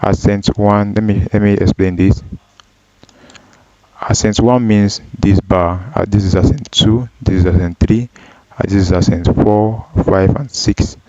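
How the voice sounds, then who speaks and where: A man with a very low, mellow voice guides viewers through a spreadsheet task at an unhurried pace. He pauses often with ums and corrects himself as he goes. The recording is dry and slightly dull. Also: fairly even intonation, dry recording. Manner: slow, step-by-step with frequent ums and self-corrections. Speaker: data analysis tutor. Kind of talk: screen-recorded software tutorial.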